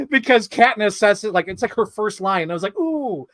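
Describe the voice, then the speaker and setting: A man co-hosting a casual film discussion podcast, animated, laughing often and acting out movie lines. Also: high voice, moderate pace, dry recording. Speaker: podcast co-host.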